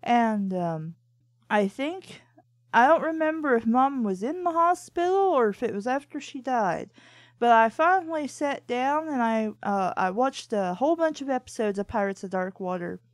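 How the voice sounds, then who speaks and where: A woman's voice: a little high, expressive, moderate pace, dry recording, clean studio sound. A woman co-hosting a casual talk show, telling long rambling stories about watching cartoons. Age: adult. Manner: rambling, full of "I'm like" and restarts. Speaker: podcast co-host. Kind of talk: casual chat, anecdotal storytelling.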